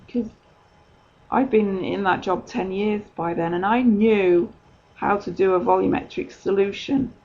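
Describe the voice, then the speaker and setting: A woman's voice: medium pitch, darkish tone. A middle-aged woman giving a chatty personal faith testimony, with lots of ums. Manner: chatty storytelling, many ums. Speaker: podcaster. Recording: dull lo-fi recording.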